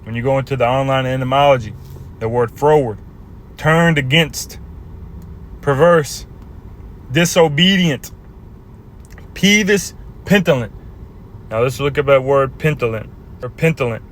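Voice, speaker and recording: A man's voice: mid-range voice, a little hiss or hum. Earnest man teaching scripture. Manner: earnest, halting, stretches out scripture quotes. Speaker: bible teacher.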